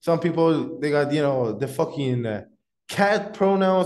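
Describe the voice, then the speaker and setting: Male podcast host: blunt, casual swearing, slightly high voice. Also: expressive, unhurried, darkish tone.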